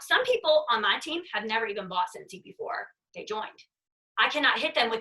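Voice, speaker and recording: High bright chatty woman. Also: very animated, a little fast, recorded from a distance, rough recording. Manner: emphatic, chatty, repeats herself. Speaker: sales team leader. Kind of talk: motivational training talk.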